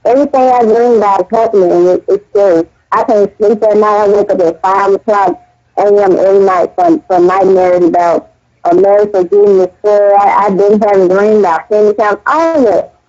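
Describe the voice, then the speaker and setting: A woman's voice: medium pitch, a little fast, mellow. Woman, casual testimony, earnest, rambling, restarts, muffled lo-fi sound. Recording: dull lo-fi audio.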